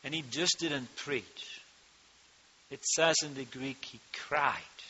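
A man preaching a sermon into a microphone to his congregation, slow and emphatic, rising to loud cries on key words, speaking with a turn of phrase. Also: medium pitch, slight background noise. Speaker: pastor. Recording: dull lo-fi sound.

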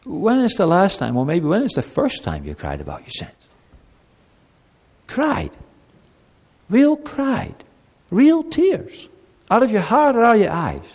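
A male pastor preaching an earnest sermon to children and a congregation. He swings between loud emphatic lines and soft, low asides. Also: wildly swooping pitch, measured pace, long pauses. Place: church. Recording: long hall reverb.

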